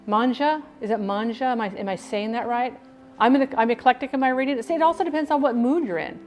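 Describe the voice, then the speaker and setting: A woman's voice: a little high, fast talker, darkish tone, faint music behind. A middle-aged woman chatting casually on a live stream, upbeat and talkative, often breaking into laughs.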